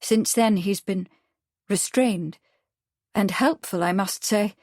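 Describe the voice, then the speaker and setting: A woman's voice: medium pitch, slow, a little mellow, no echo, clean studio sound. A woman doing a spirited young runaway lady. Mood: lively.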